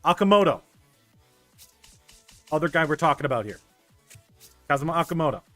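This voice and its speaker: A young man streaming a baseball management game, chatting casually with his viewers, excitable and stumbling over restarts. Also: a little high, fairly quick, dry recording. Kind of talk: casual gameplay commentary talking to chat. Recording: dry close mic with faint game music.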